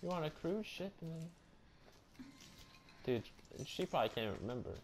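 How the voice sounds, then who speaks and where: A young man doing casual let's-play commentary on a horror game, loud, joking and slangy. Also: a little high, animated, normal speed. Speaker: gameplay streamer.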